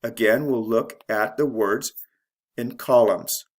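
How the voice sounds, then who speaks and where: A man teaching English, slowly reading out vocabulary lists word by word with clear enunciation. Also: medium pitch. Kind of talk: slow deliberate vocabulary drill.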